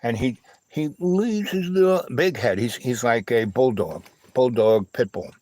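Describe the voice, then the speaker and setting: A livestream host tells a long personal story in a rambling, halting way, full of fillers, restarts, and little "you know, right?" asides to the listener. His medium-pitched voice is warm with lively intonation, and the recording is dry and rough.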